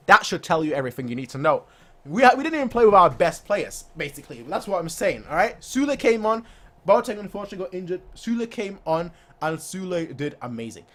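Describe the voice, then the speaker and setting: Young man, fan channel host, high voice, wildly swinging pitch, excited chat, repeats phrases. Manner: animated, boastful, repeats phrases, acts out players' voices.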